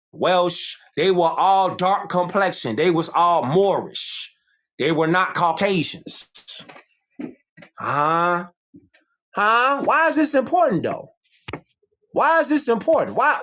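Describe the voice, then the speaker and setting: A man's voice: high voice, fairly bright tone. A man hosting a livestream, lecturing in a preachy way, repeating his points and reading passages aloud from a screen. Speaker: livestream host. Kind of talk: livestream monologue lecturing on history.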